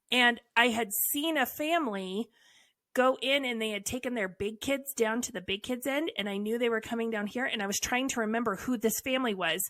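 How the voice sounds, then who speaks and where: A woman co-hosting a casual podcast, her voice sitting a little high. She tells her stories bluntly and animatedly, with wry asides. The sound is dry and close, with almost no room behind it. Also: fairly bright tone, dry recording. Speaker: podcast co-host. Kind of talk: candid casual conversation.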